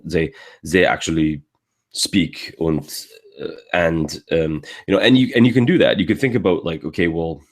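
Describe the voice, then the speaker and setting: A man with a very low voice, from Canada, speaks as a panelist at a convention. He rambles, stacking fillers and starting his sentences over, in a loose, unscripted way. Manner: rambling, full of fillers and restarts.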